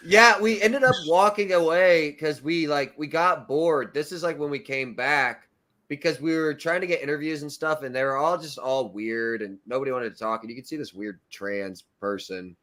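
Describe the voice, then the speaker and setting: A man's voice: on the high side, moderate pace, bright, forceful tone. A young man co-hosting a casual podcast, retelling a story in a mocking tone and laughing often. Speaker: co-host.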